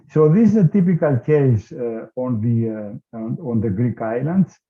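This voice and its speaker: Male presenter, mid pitch, halting delivery full of fillers, thin phone-like sound. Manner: hesitant, many filler sounds. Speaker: workshop speaker. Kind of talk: technical presentation. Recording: tinny phone-like line.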